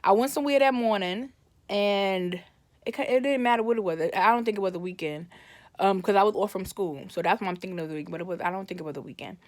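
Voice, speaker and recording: A woman's voice: mid-range voice, fast, darkish tone, no room sound. A woman telling a personal story in a casual, rambling way, often correcting herself and livening up when she quotes her family. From Brooklyn, New York.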